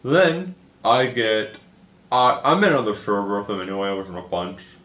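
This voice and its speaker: A man's voice: on the low side, normal speed, a bit bright. A young man telling a story in a casual, frustrated rant, swearing often and repeating himself. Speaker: video creator. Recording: echoey room.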